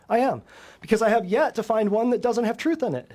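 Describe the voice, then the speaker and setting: A man's voice: high-pitched, animated, quick pace, darkish tone. A man hosting a natural health show, lecturing a live audience bluntly and emphatically, often firing rhetorical questions at his listeners. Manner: blunt and combative.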